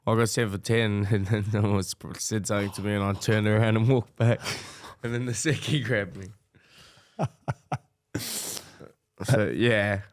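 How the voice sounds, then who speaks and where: A man's voice: fairly low pitch, fairly even intonation, moderate pace, pauses often, no echo. A young man, a podcast guest, talking in a laid-back way and laughing often. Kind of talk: casual chat.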